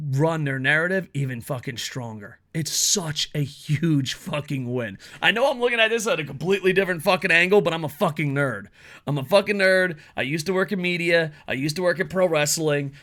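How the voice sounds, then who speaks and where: A man's voice: a little high, bright, forceful tone. A man giving a blunt, profanity-heavy solo opinion rant as a wrestling commentary YouTuber.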